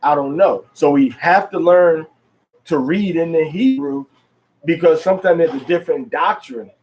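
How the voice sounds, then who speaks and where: Halting man teaching Hebrew words. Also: fairly high pitch, lively intonation, darkish tone, low-quality recording. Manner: halting, many fillers and repeated words. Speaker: religious teacher. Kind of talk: informal religious teaching.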